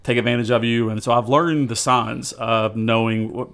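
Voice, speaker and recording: A man's voice: mid-range voice, fairly even intonation, normal speed, a bit bright, clean tone. Rambling man chatting on a podcast. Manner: rambling with frequent restarts and laughter. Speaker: podcast co-host. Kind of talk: casual podcast banter.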